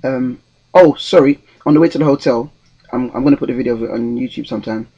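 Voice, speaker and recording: Gravelly young man rambling. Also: medium pitch, fast talker, warm tone, lo-fi sound. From London, England. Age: 20s. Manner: rambling and hesitant, many ums and restarts. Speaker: vlogger. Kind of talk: casual storytelling vlog.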